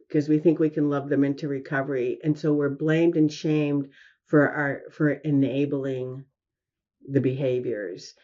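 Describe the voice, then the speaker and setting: Woman, mother, interview guest, earnest storytelling, mellow tone, muffled lo-fi sound. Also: low-pitched. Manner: earnest, animated retelling with quoted dialogue. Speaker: guest, parent of a son with addiction.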